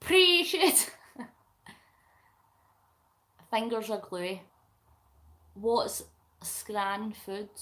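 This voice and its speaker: A middle-aged Scottish woman hosts a relaxed livestream, chatting and giggling with viewers between bits of crafting. Her voice sits high, and she talks at an unhurried, leisurely pace. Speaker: livestream host. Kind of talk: casual live chat reading comments.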